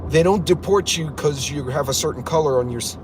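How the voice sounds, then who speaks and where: A middle-aged man hosting a casual livestream from a car, telling a story in an animated, incredulous way. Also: fairly high pitch, brisk, background noise. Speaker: livestream host.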